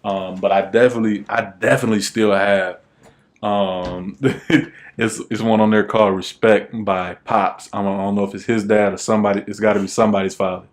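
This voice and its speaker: A man's voice: lowish voice, flat delivery, a little fast. A young man co-hosting a podcast in casual chat, laid-back and rambling with lots of fillers. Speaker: podcast co-host.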